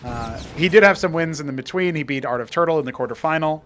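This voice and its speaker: Male esports caster, fairly high voice, chatty play-by-play with trivia detours, faint music underneath. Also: fast talker, fairly bright tone. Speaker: esports caster and show host. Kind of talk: live game commentary.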